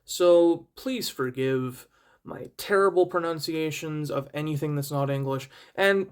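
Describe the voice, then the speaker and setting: A man's voice: a little high, a little slow, clean tone. A young man casually reviewing an album, rambling and self-deprecating, with many fillers and restarts and repeated praise. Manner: enthusiastic, repeats praise words.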